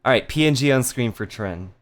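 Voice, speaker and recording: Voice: mid-range voice, expressive, a little fast, a little hiss or hum. A live streamer chatting casually with viewers, playful and giggly with crude jokes.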